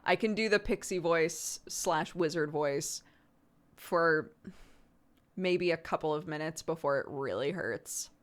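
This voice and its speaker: A woman's voice: sits low, measured pace. A woman who streams and voice-acts, chatting casually with her viewers and laughing often. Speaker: streamer and voice actor. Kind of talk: casual chat answering chat.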